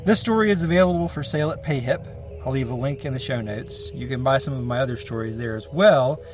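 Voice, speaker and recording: Male podcast host, mid-pitched, casual wry intro over faint music. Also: quick pace.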